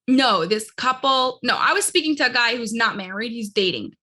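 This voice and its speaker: Bright, chatty woman podcast host. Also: a little high, lively intonation, moderate pace. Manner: chatty, fills speech with "like". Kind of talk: casual conversational interview.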